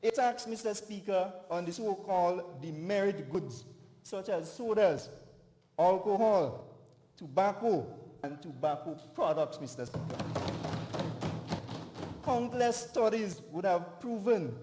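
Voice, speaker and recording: A young man with a Grenadian accent giving a formal, emphatic parliamentary debate speech as an opposition member, stressing his words deliberately. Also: high-pitched, expressive, noisy background. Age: young adult. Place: large parliament chamber. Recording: echoey chamber with long reverb.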